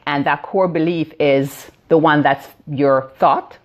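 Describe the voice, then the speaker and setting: A woman's voice: low voice, steady tone, slow. A Jamaican woman in her fifties, a healing practitioner explaining ideas on a phone live stream, with many fillers and "right?" check-ins. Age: 50s. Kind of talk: live-stream teaching talk.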